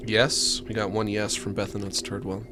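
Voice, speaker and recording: A man's voice: lowish voice, little pitch movement, moderate pace, noisy background. A man streaming a game, chatting casually and rambling to his viewers. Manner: rambling, chatty, self-deprecating. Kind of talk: casual let's-play chat.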